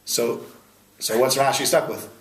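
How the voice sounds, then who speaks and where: Man, rabbi, Talmud class, questioning, lively, roomy hall. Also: medium pitch, a little slow. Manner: questioning, quizzes students, lively. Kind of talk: interactive Talmud lesson. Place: study hall with students. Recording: echoey study hall.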